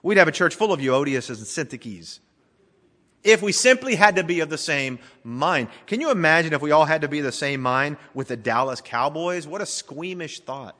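Middle-aged male pastor, dramatic sermon, sharp higher voice, drops to a hush then presses hard; reverberant church hall. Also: animated, moderate pace. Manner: dramatic, swings between emphatic and hushed delivery. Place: church sanctuary.

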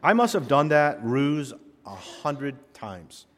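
Male pastor, mid-pitched, lively range, storytelling sermon style, heard with the long reverb of a big church hall. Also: slow pace. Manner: animated storytelling with punchy asides. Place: church sanctuary.

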